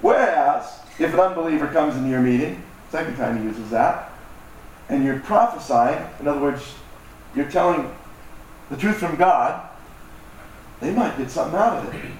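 His fairly high voice is animated and moves at a moderate pace, broken by long pauses, as he gives a conversational sermon as pastor. He jokes at his own expense and performs different voices, while a distant mic captures an echoey hall with faint noise.

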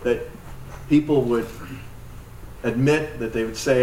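A man's voice: mid-range voice, fairly even intonation, slow pace, long pauses, darkish tone, slight background noise. A man preaching a sermon as pastor, emphatic, with joking asides and laughs. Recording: echoey hall from far off, light ambience.

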